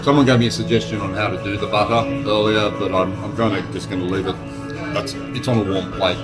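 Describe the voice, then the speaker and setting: Low-voiced man savoring a restaurant meal. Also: fast talker. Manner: relaxed, savoring each bite with frequent hums. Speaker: food vlogger. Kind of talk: casual food review. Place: indoor restaurant. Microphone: camera set on the table. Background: faint background music.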